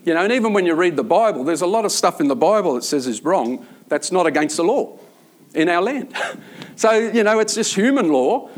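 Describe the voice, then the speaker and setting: Prison chaplain, male, a little high-voiced, earnest and rambling in an informal faith talk. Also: sing-song, a little fast. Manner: earnest, rambling storyteller with many fillers.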